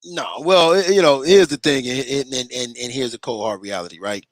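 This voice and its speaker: A man's voice: medium pitch, brisk, no echo. A man co-hosting a casual boxing talk show, reading viewer comments aloud and chuckling along. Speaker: boxing podcast co-host.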